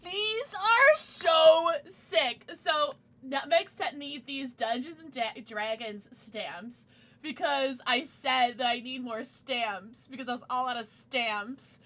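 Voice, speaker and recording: A woman's voice: a little high, fairly bright tone. A young woman livestreaming from home, chatting casually and gushing over gifts and viewers. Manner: bubbly, gushing, quick swings to squeals and mumbles. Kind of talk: casual chat.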